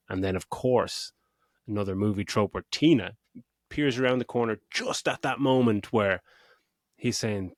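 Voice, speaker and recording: A man's voice: fairly low pitch, moderate pace, no echo, clean studio sound. A middle-aged man hosting a podcast, retelling a film plot in a rambling, sweary, casual way. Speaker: podcast host. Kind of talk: casual film review chat.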